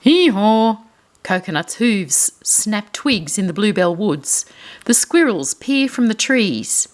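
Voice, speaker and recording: A woman reads a picture book aloud to children, sounding animated and asking them questions as she goes. Her voice sits in a mid-range and she takes a slow pace.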